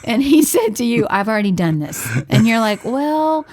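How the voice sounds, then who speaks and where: A woman's voice: on the high side, a little fast. Chatty woman telling family stories. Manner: animated storyteller acting out dialogue. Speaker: podcast co-host, parent. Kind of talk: casual chat.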